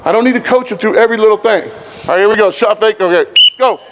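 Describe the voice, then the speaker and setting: A man's voice: high-pitched, quick pace, muffled recording, a little hiss or hum. A man coaching players through basketball drills on an indoor court, calling out short repeated commands and explaining points to other coaches. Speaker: basketball coach running a clinic.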